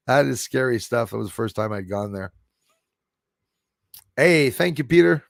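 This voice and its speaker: Quebecois male streamer, mid-pitched, dry close sound, loose rambling chat with viewers. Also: lively intonation, moderate pace, vocal fry, pauses often, no room sound. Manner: rambling, reads out and answers viewer comments. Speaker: live stream host. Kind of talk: casual live stream chat.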